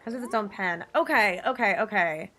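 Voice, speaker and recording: A young woman in her twenties streaming, chatting casually with viewers in a bubbly, giggly way, her pitch jumping up often. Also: moderate pace, bright, forceful tone. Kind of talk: casual livestream chat reading viewer messages. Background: faint music.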